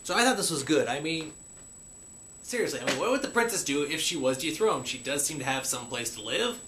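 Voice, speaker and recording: A man recapping a cartoon episode in a playful pirate persona, saying "be" for "is" and slipping into quick voices for the characters. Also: on the high side, sing-song, a bit bright. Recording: echoey room with faint hiss.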